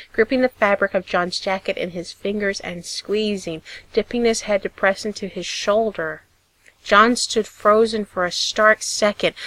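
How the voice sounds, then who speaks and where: A woman narrating a piece of fiction in a steady, measured storytelling voice. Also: mid-range voice, no echo, low-quality recording. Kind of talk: audiobook reading of fiction.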